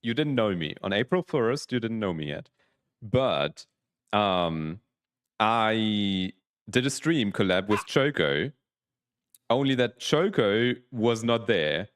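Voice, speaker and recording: A young man streaming live, chatting casually, excitable and laughing often as he reacts to chat. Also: on the low side, slow, smooth. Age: young adult.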